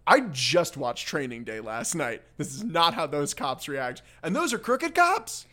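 A man co-hosting a casual movie recap podcast, laughing often and slipping into quick character impressions. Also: a little high, big pitch swings, pushed and bright. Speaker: podcast co-host.

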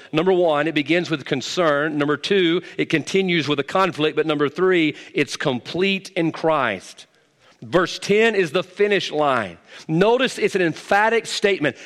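A middle-aged man preaching a sermon in a folksy, emphatic way, dropping into low asides and rising to raised exhortation. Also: a bit bright. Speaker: pastor. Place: church sanctuary. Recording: long reverb of a large hall.

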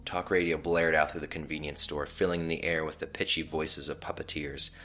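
Storyteller, male, very deep voice, calm measured narration, faint music bed.

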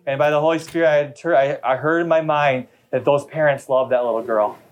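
A man's voice: a little high, steady tone, brisk. Talkative preacher man, storytelling sermon. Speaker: pastor. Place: church service.

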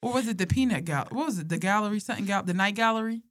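A woman's voice: mid-range voice, racing, no echo, studio quality. A young woman telling funny personal stories in casual chat, laughing often and swearing freely. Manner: animated, laughing, profane storytelling.

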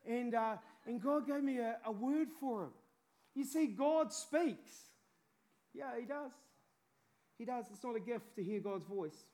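A man's voice: extremely high pitch, lively intonation, measured pace, dark tone. A man preaching a sermon with fervent urgency, peppering it with casual slang.

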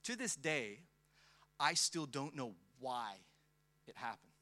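Bright-voiced man preaching a testimony. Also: medium pitch, lively intonation, takes it slowly. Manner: builds from quiet storytelling to impassioned preaching. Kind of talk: sermon testimony.

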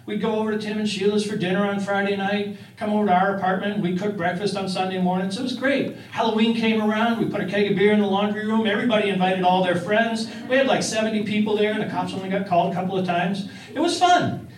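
A man's voice: high voice, fairly even intonation, fast talker. A man telling a first-person story in a conversational way, with fillers and restarts. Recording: roomy, distant-miked.

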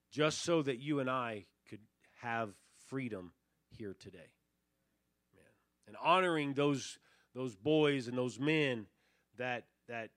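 Slow-talking pastor preaching, dry sound. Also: male voice, mid-range voice, a bit bright, no room sound. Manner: conversational, fillers and restarts, rising intensity when retelling. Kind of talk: sermon. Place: church sanctuary.

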